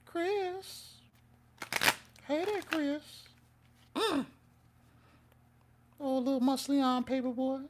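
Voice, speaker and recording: A creepy elderly male neighbor from a cartoon speaks in a high, thin, quavering voice. His voice sits far above a normal man's pitch. Every phrase leers and wheedles. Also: very slow, long pauses, background noise, exaggerated voice. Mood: leering. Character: creepy elderly man neighbor, wheezy and leering.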